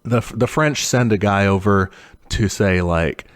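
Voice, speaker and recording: A young man co-hosting a podcast, telling history in a loose, profane way and putting on quick mock voices for the people in it. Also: fairly low pitch. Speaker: podcast co-host. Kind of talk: casual history chat.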